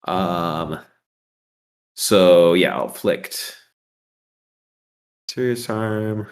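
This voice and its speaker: A man taking his turn as a player in a tabletop role-playing game, thinking aloud and pausing often. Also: low-pitched. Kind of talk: casual tabletop play.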